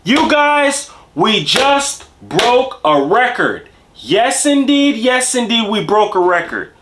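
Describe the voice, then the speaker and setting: A man voicing a boastful male factory foreman who makes a booming, showy announcement to workers. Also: big pitch swings, slow pace, background noise, exaggerated voice. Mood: hyped announcing.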